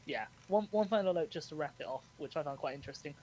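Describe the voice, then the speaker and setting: A man's voice: a little high, animated, quick pace, a little mellow, a little hiss or hum. A man co-hosting a podcast, telling history in a rambling, casual way with fillers and restarts. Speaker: podcast co-host. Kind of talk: casual chat.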